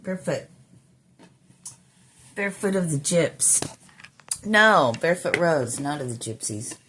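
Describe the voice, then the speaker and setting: A woman's voice: sits low, lively intonation, unhurried, a bit bright, a little hiss or hum, poor audio. A middle-aged woman talking casually into her phone camera, blunt and given to swearing, audibly irritated. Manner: blunt, swears freely, talks to herself. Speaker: vlogger. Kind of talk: casual vlog.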